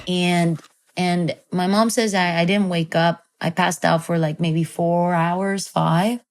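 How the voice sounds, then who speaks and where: A woman guest tells a long story in a casual, animated way, with many fillers and free swearing. Her voice sits somewhat low for a woman. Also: takes it slowly. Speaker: guest, film director.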